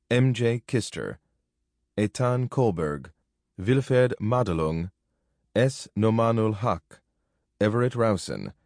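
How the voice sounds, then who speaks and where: Male narrator, lowish voice, dry close studio sound, formal measured audiobook reading. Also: a little mellow, no echo. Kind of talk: scripted narration of a nonfiction book.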